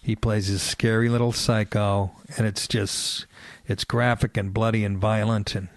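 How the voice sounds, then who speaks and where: A middle-aged male comedian hosting his podcast, ranting in a profane, sarcastic and excitable comic monologue. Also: lowish voice, a little slow, no room sound.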